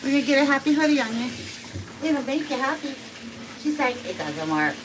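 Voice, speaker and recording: A woman's voice: sits high, fairly even intonation, brisk. A woman cat groomer giving a live grooming demonstration, talking to the cat in playful sing-song baby talk. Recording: loud background noise.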